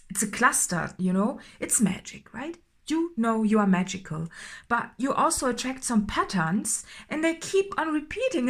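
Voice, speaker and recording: Lady doing a tarot reading, kinda high voice, lots of um and you know, gets pretty worked up. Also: a bit bright. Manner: halting, filler-heavy, keeps asking "right?"; grows intense and emphatic as she goes. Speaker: tarot reader. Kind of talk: intuitive tarot reading, unscripted monologue.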